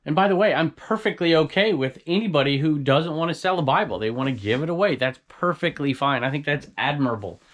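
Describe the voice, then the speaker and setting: A man's voice: on the high side, expressive, a little fast, few pauses, fairly bright tone. A man reselling secondhand goods, talking casually to camera in an opinionated, rambling way. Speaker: reseller vlogger.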